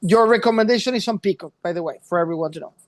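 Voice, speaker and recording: A man's voice: high-pitched, very fast, dry recording. Rambling podcast co-host man, dry sound. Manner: loose, rambling, playful, switches into Spanish. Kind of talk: casual chat.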